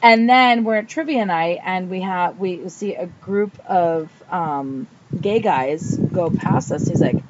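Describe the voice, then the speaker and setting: A woman's voice: fairly low pitch, unhurried, few pauses. Female co-host, casual chat, blunt storyteller who swears and acts out quotes, lo-fi sound. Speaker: podcast co-host. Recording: dull lo-fi podcast audio with faint background noise.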